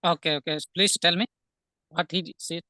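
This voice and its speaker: Male English learner from India, bright tense voice, hesitant short answers, dry sound. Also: fairly high pitch, fairly even intonation, moderate pace, dry recording. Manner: hesitant, short replies with fillers. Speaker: English student. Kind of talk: lesson conversation.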